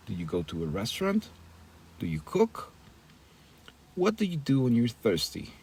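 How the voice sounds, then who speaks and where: Guy teaching english, reads lines then translates, really expressive pitch. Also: a little hiss or hum. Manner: reads example dialogues slowly, then translates into Spanish. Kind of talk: bilingual language lesson.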